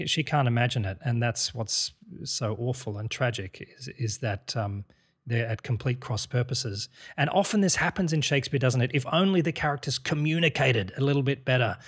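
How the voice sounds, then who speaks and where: A man's voice: mid-range voice, normal speed, husky. A man coaching an actor through a Shakespeare speech, explaining rhythm and word choice. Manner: encouraging, analytical, many restarts. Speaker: acting coach.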